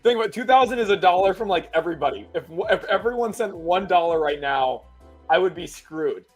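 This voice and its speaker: A young man hosting a casual sports livestream, laughing nervously as he reads donations out loud. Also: high voice, animated, brisk, faint music behind. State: nervous, excited. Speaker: livestream host.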